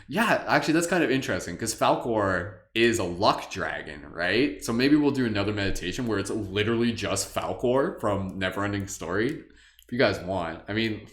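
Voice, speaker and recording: A man's voice: on the low side, a bit bright, roomy sound. A man hosting a live meditation stream, chatting casually in a rambling, playful way full of "like". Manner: rambling, heavy use of "like"; playful, wondering. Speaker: meditation host. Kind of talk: casual livestream chat.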